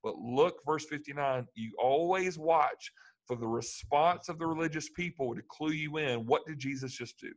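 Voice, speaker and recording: A man preaching a sermon, reading Bible passages aloud and explaining them with animated emphasis. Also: fairly high pitch, moderate pace, poor audio.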